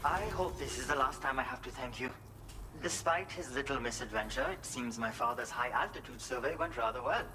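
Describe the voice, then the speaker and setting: An actor playing a grateful son in a video game, speaking in a formal, polite and measured way. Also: male voice, medium pitch, noisy background, natural voice. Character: grateful adult son of a survey expedition member.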